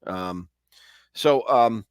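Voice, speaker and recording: A man's voice: mid-range voice, extremely slow, clear, resonant tone, no echo. A man hosting and telling local ghost stories in a casual, conversational way, often restarting and correcting himself. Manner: conversational, chatty, with frequent restarts and asides. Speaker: storyteller host.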